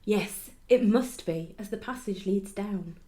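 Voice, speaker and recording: A man voicing a small, brave female fairy sprite in a children's storybook reading, with a high, slow falsetto. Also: mellow. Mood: cheerful. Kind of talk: storybook narration.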